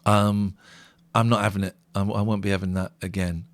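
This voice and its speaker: A man's voice: lowish voice, level tone, brisk, no echo. A man co-hosting a late-night live stream, chatting casually and reading out viewer comments in a wry way.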